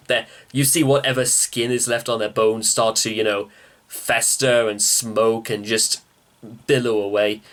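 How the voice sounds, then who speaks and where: A man hosting a music reaction video, talking in halting bursts with many restarts while he searches for words and addresses viewers as ladies and gentlemen. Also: mid-range voice.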